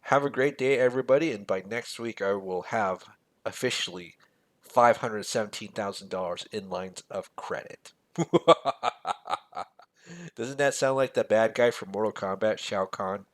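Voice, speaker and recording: A man hosting a finance channel, walking through a spreadsheet in a casual way, with joking, sarcastic asides and big swings between loud and quiet. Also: lowish voice, moderate pace.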